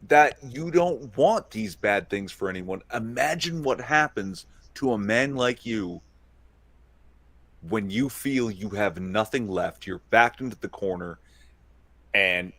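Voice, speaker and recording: A man's voice: lowish voice, expressive, slow pace, fairly bright tone, dry recording. Blunt, teasing man in a dry room. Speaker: host. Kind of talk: casual chat.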